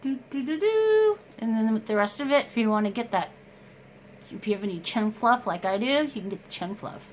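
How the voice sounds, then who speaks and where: A woman's voice: mid-range voice, a little fast, slight background noise, low-quality recording. A woman chatting casually through a makeup tutorial at home, explaining each step and joking about herself. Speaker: beauty vlogger.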